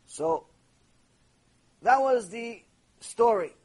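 A man's voice: very high voice, animated, extremely slow, husky. A man teaching Torah in a storytelling lecture, repeating phrases and mixing in Hebrew terms.

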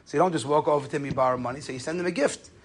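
A man's voice: on the high side, racing, breathy edge. A man giving a conversational Torah lesson on Jewish law, telling stories and using Yiddish and Hebrew terms. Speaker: rabbi lecturer.

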